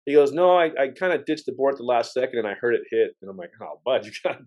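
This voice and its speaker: A man's voice: medium pitch, animated, fast talker, darkish tone, rough recording. A man hosting a podcast, telling stories in a rambling, casual way with frequent restarts and the odd curse word. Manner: rambling storyteller with many restarts and swearing. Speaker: podcast host. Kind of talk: casual chat.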